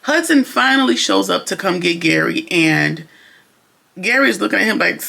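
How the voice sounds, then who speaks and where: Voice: mid-range voice, lively intonation, normal speed, vocal fry, bright, forceful tone. A TV reviewer recapping an episode in casual, sassy commentary, full of exasperated slangy asides.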